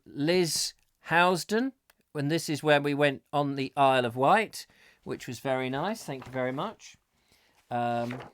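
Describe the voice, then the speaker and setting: A man's voice: on the high side, clear, resonant tone, dry recording, studio quality. A man hosting a live comic chat show, rambling and joking at his own expense. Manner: jokey, rambling, self-mocking. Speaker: host.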